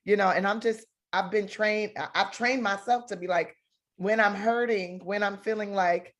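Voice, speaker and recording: Female actress guest, thirties, lively storyteller, mid-pitched voice. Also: normal speed. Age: 30s. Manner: lively, acts out quoted exchanges. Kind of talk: talk show interview.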